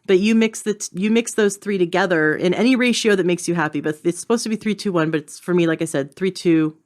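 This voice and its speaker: A woman hosting a podcast in casual conversation, her voice sitting slightly low. She talks chattily, looping back with fillers and restarts. She laughs easily between thoughts. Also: quick pace. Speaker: podcast host.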